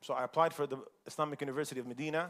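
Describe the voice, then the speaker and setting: Fast-talking man telling a story. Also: on the high side, fairly even intonation, fairly bright tone. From United States. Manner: quick, chatty, laughs often. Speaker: speaker at a community forum. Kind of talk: casual storytelling talk.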